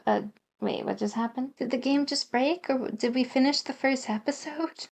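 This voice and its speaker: A woman's voice: high-pitched, moderate pace. A young woman reading a dating game aloud and commenting on it with sarcastic, exasperated asides. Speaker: gamer.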